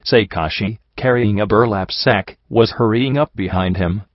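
A man reading a first-person fan fiction story aloud as an audiobook, steady and plain. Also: on the low side, moderate pace, no echo. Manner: steady, plain narration with light voicing for dialogue. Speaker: audiobook reader. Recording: dull, dry home recording.

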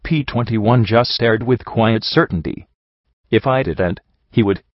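A man narrating a dark first-person story in a grim, intense, dramatic reading. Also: fairly low pitch, unhurried, no room sound. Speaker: audiobook narrator. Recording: dry, dull lo-fi recording.

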